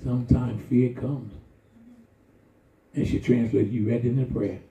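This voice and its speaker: An older man preaching a sermon in a colloquial, animated style with sudden high-pitched exclamations. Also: unhurried. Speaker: pastor. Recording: echoey, distant, dull sound.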